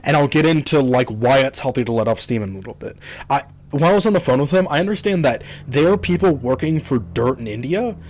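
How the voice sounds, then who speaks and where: A man's voice: mid-range voice, animated, fast, a little mellow. A man telling a story in a rambling, casual rant to his YouTube audience, exasperated and swearing often.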